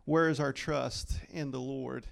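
A man praying and then giving an informal devotional talk, folksy and quick to laugh as he acts out quoted lines. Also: medium pitch, steady tone, creaky. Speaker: lay speaker sharing a devotional.

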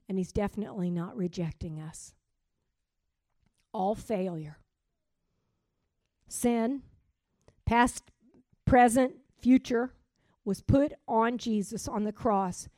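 A woman preaching a sermon, swinging from loud emphatic declarations to soft, almost whispered asides. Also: medium pitch, no echo.

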